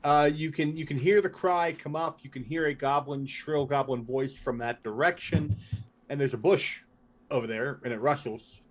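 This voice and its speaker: A man's voice: a little high, steady tone, moderate pace. Chatty man running a tabletop game. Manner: chatty, fumbling with software, thinking aloud. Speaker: game master.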